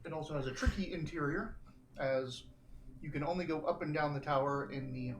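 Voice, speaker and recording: A man who runs the game as game master, talking in a relaxed and chatty way. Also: on the high side, brisk. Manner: relaxed, chatty, laughs easily. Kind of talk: casual chat and game narration. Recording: echoey room with background noise.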